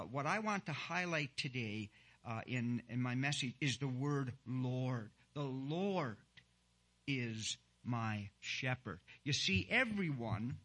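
A man preaching a sermon and leading prayer, halting and earnest, with many "uh" fillers and slow emphasis on key words. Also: mid-range voice, bright, forceful tone. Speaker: pastor.

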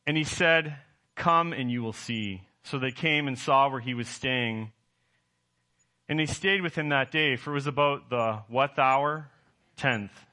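A middle-aged man from the Southern United States delivers a sermon as pastor. His voice is very bright and a little high, and he keeps putting questions to the congregation. His delivery rises and falls with animation.

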